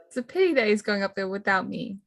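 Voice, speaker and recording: A woman's voice: medium pitch, vocal fry, no echo, clean studio sound. A woman playing a tabletop game in character, giggly and hesitant. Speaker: player.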